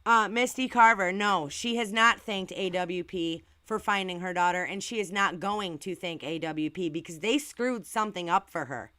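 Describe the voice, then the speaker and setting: Outspoken woman with a bright, crisp voice. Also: lowish voice, normal speed, hardly any pauses, dry recording, clean studio sound. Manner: outspoken, indignant, swears and asks rhetorical questions. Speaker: channel host reading viewer comments. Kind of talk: casual livestream commentary.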